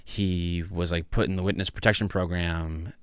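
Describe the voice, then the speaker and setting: A young man hosting a casual podcast, loose and excitable, swearing freely and laughing often. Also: sits low, moderate pace, smooth, no room sound. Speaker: podcast host. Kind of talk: casual solo podcast chat.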